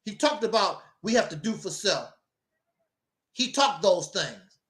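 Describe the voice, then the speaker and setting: A man's voice: high voice, lively intonation, unhurried, fairly bright tone, roomy sound. A man hosting his own talk program, delivering an emphatic, preachy monologue with mocking asides. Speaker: host. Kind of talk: opinionated talk show monologue.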